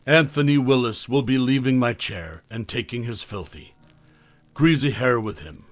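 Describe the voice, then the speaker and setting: A man's voice: medium pitch, dry recording. A man narrating a first-person horror story, cold and probing as he questions someone.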